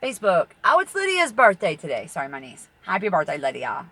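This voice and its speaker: A woman's voice: lowish voice, wildly swooping pitch, fairly quick, a bit bright, breathy edge, dry recording. A middle-aged woman who reads tarot, talking in a rambling, blunt, profane monologue and laughing through her stories. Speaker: tarot reader.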